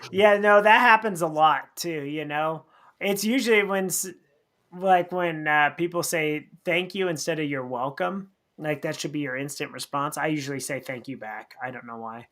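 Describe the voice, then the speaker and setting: A man's voice: fairly high pitch, moderate pace, sharp tone. A man co-hosting a radio show, chatting casually with laid-back joking asides. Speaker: radio co-host.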